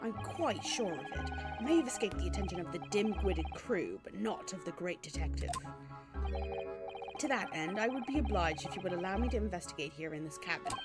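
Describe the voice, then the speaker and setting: A woman's voice: lowish voice, expressive, fairly quick, close to an everyday voice. Woman doing a pompous detective man, fake English accent. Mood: grandiose. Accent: put-on English accent. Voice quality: theatrical, grandiose. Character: pompous self-proclaimed great detective man. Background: game music.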